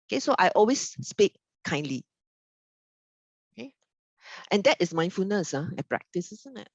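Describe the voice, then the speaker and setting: A woman of medium pitch gives an informal Buddhist dharma talk at normal speed, pausing often, in a muffled recording with no echo. She is animated, frequently asks "isn't it?" and acts out little quoted exchanges.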